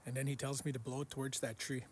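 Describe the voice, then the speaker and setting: A man telling the story of a vivid dream in an unhurried, repetitive way, often going back over the same words. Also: medium pitch, little pitch movement, slight background noise. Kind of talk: recounting a dream.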